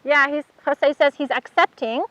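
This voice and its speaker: A woman's voice: high voice, moderate pace, fairly bright tone, dry recording. A woman instructor giving a chatty hands-on horse handling demonstration, praising the horse as she works. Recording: dull dry sound.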